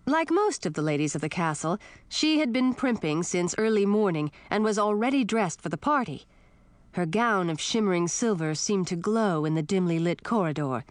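Woman reading an audiobook, super lively up and down voice, dead dry close mic. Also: medium pitch, moderate pace, no echo. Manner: expressive first-person storytelling. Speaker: narrator. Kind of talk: audiobook narration.

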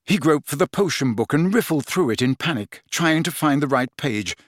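A man narrating a fantasy novel as an audiobook, with expressive storytelling. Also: fairly high pitch, normal speed, no room sound, clean studio sound. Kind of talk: scripted narration.

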